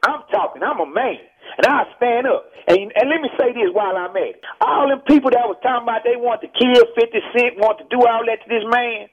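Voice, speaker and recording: A man's voice: very high-pitched, a little fast. A man with a Texan Southern accent, calling in as a guest to a radio interview and talking emphatically, sounding tinny over a phone line. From Texas. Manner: emphatic, preachy, keeps repeating "man". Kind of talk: heated call-in radio interview. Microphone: telephone.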